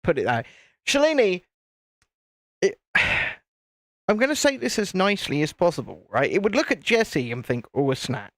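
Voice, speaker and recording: British man, high voice, live-stream host, chatty, jokey, dry close sound. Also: very animated, moderate pace, long pauses, fairly bright tone, no echo. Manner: chatty and jokey, laughs often, restarts sentences. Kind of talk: casual chat while building, answering viewer comments.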